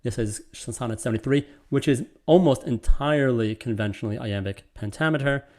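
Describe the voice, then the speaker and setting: A man's voice: mid-range voice, a little fast, a little mellow. A man giving an online literature lecture, explaining and thinking aloud as he goes. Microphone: video call.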